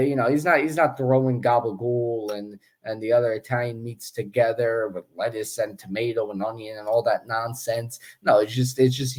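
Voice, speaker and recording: A man's voice: mid-range voice, darkish tone. A man co-hosting a casual sports podcast, chatty and joking, with many fillers and restarts. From Philadelphia area. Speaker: podcast co-host.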